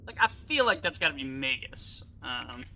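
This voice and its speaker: Excitable young American gamer, bright piercing tone, rambling casual commentary. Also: male voice, medium pitch, normal speed, vocal fry, a little hiss or hum, rough recording. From United States. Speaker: let's play YouTuber.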